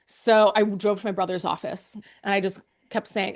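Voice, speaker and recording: A woman's voice: medium pitch, fairly quick, few pauses. A young adult woman candidly telling her personal story of illness, chatty and emotional, often quoting what others said to her. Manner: chatty, emotional, quotes others in reported speech. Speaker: cancer patient sharing her story.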